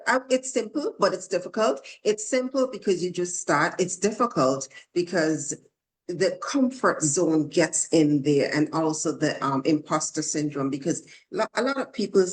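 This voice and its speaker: A confident woman with an Antiguan accent, speaking as a coach giving advice in an interview. Her voice is a little low, and her pace is measured and encouraging. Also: rough recording. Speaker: guest, life coach and speaker. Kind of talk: interview answers.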